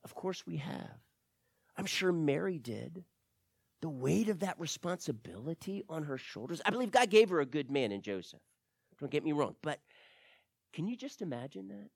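A man preaching a sermon as pastor, reading scripture aloud with emphatic stresses and soft drops. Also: fairly high pitch, big pitch swings, normal speed, vocal fry, breathy edge, dry recording, clean studio sound.

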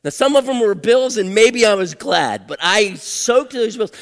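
Older man preaching in a church, lively swooping voice with long reverb; storytelling sermon, hushed to loud. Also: high voice, a little slow, gravelly, hardly any pauses. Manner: emotional, dramatic swings from hushed to loud. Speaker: pastor.

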